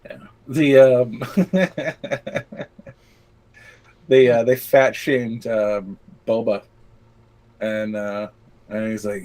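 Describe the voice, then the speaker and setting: A man's voice: medium pitch, steady tone, extremely slow, pauses often, mellow. A man chatting casually on a podcast, rambling with lots of fillers, cracking crude jokes and laughing often. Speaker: podcast co-host. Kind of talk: casual chat.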